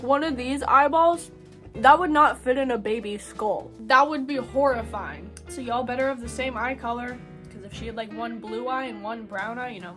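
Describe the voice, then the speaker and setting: A young woman vlogger rambles through her reactions, giggling and snacking as she talks. Her voice sits fairly high. Faint music plays underneath. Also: fairly bright tone. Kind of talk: casual reaction commentary.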